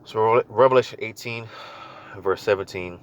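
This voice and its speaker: A man's voice: on the low side, normal speed, a little hiss or hum. A man giving casual, slangy religious commentary, repeating his warnings with a chuckle now and then. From United States. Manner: slangy, repetitive, preachy, chuckling.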